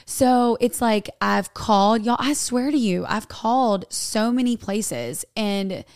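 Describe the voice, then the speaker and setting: A woman's voice: fairly high pitch, animated, takes it slowly, darkish tone, dry recording, studio quality. A young woman, co-hosting a podcast and rambling through a personal story in casual chat. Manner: chatty, rambling storytelling with many "like"s. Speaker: podcast co-host.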